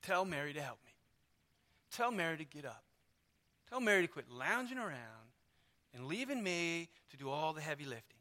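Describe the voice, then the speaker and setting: A man's voice: fairly high pitch, big pitch swings, normal speed, long pauses, pushed and bright. A man preacher voicing an exasperated woman hostess who accuses and demands, in a raised, indignant voice. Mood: complaining.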